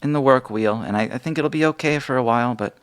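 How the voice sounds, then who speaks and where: A man's voice: mid-range voice, clear, resonant tone, no echo, studio quality, pitched above the performer's own voice, lightly acted. A man voicing a hesitant woman shopkeeper who stops and starts as she speaks. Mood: worried. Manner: hesitant, halting.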